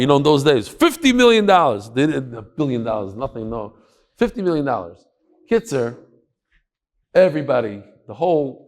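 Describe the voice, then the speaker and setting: Animated man teaching Talmud in a lecture. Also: medium pitch. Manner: lively, acts out the voices in his stories, shouts at the climax.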